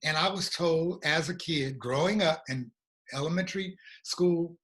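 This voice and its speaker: American guy telling his story, earnest and reflective, a bit high-pitched. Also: a bit bright. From USA. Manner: earnest, reflective, slow at emotional moments. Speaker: guest, regional coordinator. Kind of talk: personal storytelling in a conversation.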